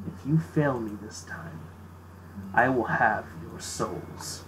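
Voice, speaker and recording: A man voicing a menacing male villain lord on his throne, speaking low with threat in his words. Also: lively intonation, slow pace, background noise. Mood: threatening. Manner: low, threatening, with tense undertones.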